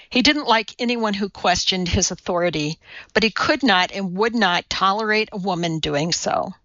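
A woman narrating an audiobook in measured, even storytelling. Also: medium pitch, dry recording, dull audio. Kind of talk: scripted narration.

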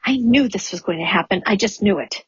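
A fretful Scottish bodyguard, a man who cannot stop grumbling about the danger he saw coming, as a woman reader puts him on. The voice is husky and dry, heard through a dull, lo-fi audiobook recording. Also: mid-range voice, lively intonation, brisk, dry recording. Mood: anxious grumbling. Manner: fretful complaining patter.

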